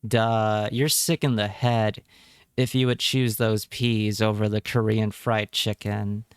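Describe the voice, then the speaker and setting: 男性配信者、クリアで乾いた声. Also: male voice, lowish voice, level tone, slow, clear, resonant tone, no echo, studio quality. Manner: wry, talks to chat, repeats words when reacting. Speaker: streamer. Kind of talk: casual live-stream chat.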